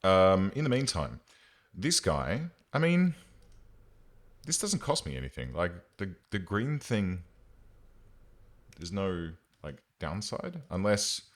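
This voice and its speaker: A man streaming a game live, thinking aloud in an excitable way and swearing casually. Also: deep voice, slow, long pauses. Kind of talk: gameplay commentary.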